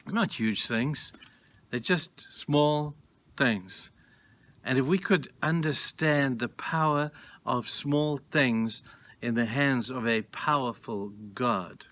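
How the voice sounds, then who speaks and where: A man giving a short daily devotional talk as pastor, gentle, earnest and reflective, slowing down and softening on key phrases. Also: mid-range voice.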